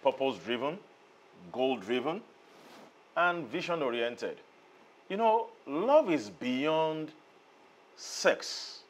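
A man's voice: medium pitch, sing-song, slow pace, pauses often. A man from Nigeria playing a self-assured journalist guest on a TV talk show, speaking in an emphatic, lecturing way.

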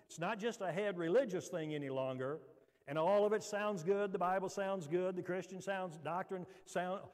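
A male pastor delivering a sermon, moving between loud emphatic preaching and hushed, quiet talk. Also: high voice, moderate pace, in a large hall. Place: church sanctuary.

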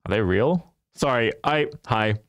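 Male streamer, unhurried, swooping playful delivery, teasing, dry close sound. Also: mid-range voice, animated, clean tone, dry recording. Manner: playful, teasing, laughs often. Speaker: livestreamer. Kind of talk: casual chat with viewers.

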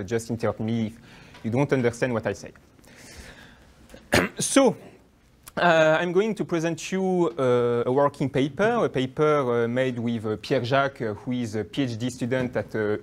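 A young man from France with a French accent, giving a hesitant academic talk with many fillers and restarts. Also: medium pitch. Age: young adult. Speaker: guest lecturer.

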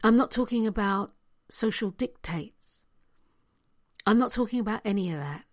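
A woman's voice: medium pitch, moderate pace. A woman giving a motivational talk to her viewers, repeating key phrases with emphasis and sometimes dropping almost to a whisper. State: hiccuping. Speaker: spiritual coach.

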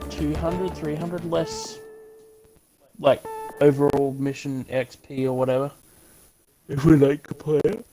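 A man chatting casually with his partner while playing a game, with quick reactive exclamations. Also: fairly high pitch, warm tone, low-quality recording. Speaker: gamer streaming with partner. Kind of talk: casual gaming chat. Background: game music.

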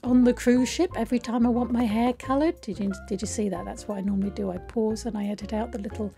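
A woman's voice: fairly high pitch, fast, warm tone, soft background music. A woman hosting a let's play, telling a story in a chatty, rambling, self-deprecating way. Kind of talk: casual storytelling over gameplay.

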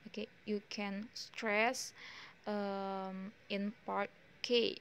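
A young woman with an Indonesian accent, a student slowly reading her pronunciation exam answers with frequent pauses and fillers. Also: medium pitch, steady tone, a little hiss or hum. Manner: slow, halting delivery with many pauses and fillers.

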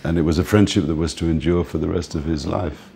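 An older man interviewed as a music manager, telling relaxed stories and often laughing and saying "man". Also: low voice, fast talker, vocal fry, background noise. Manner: relaxed, reminiscing, often says "man", laughs between points. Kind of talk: casual storytelling interview.

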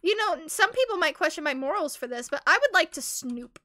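A young adult woman streams a game live, chatting excitably in casual commentary at a fairly quick pace and breaking into high giggles.

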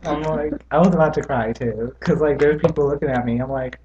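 A woman's voice: low-pitched, muffled recording, a loud crowd. A teenage girl guest chatting casually, rambling and filling her sentences with "like". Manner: rambling, fills every pause with "like". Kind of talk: casual chat. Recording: noisy background.

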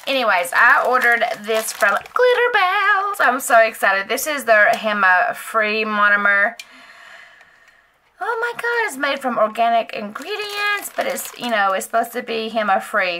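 A woman's voice: a little high, lively intonation, a little slow, hardly any pauses, bright, forceful tone, slight background noise. A woman vlogger chatting casually as she unboxes nail supplies, gushing and rambling with lots of fillers. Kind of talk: casual product unboxing chat.

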